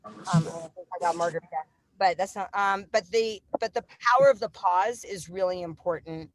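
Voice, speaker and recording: A woman panelist giving advice in a hesitant way with many pauses. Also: fairly low pitch. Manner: hesitant, many fillers and restarts.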